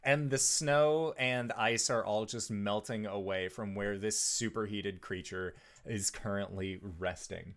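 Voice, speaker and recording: A man narrating and running a tabletop game as game master, measured and unhurried with small fillers. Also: fairly low pitch, steady tone, a bit bright.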